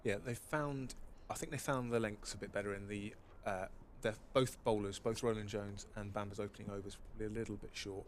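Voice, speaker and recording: A man giving expert analysis as co-commentator on a live cricket broadcast, measured and thoughtful. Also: fairly low pitch, steady tone, a little hiss or hum.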